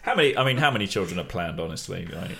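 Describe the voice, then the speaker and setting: A man's voice: low voice, sing-song, racing, gravelly, heavy background noise. A man co-hosting a podcast in casual, joking chat. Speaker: podcast co-host.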